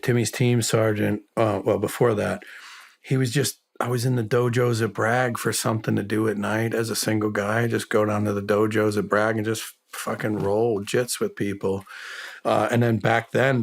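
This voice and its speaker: Man, middle-aged, interview guest, blunt, swears constantly, casual war stories. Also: medium pitch. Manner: blunt, swears constantly, acts out quoted voices. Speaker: interview guest, former special forces soldier. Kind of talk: casual profane storytelling.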